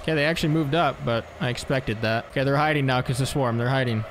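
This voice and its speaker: A man's voice: mid-range voice, fast, background noise. A man giving live gameplay commentary as a streamer, joking sarcastically at his own expense. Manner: sarcastic, self-mocking banter. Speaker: gaming streamer.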